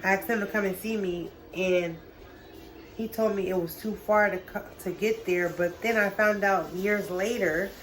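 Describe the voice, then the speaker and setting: A woman's voice: medium pitch, normal speed, a little hiss or hum, low-quality recording. Young woman swearing through a storytime vlog. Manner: casual, profane, talks to viewers as y'all. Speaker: vlogger.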